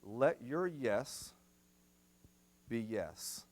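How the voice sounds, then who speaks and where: Emphatic preaching man, lively pitch. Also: very slow. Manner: emphatic preaching, repeats commands for stress. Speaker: guest speaker at family seminar. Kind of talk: sermon. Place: church.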